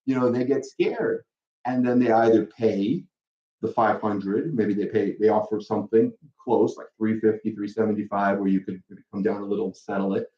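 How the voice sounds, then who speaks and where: A man, a personal injury lawyer, answering viewer questions in a casual live Q&A, animated and acting out the other side in quick quoted asides. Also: fairly low pitch. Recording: dull, roomy sound.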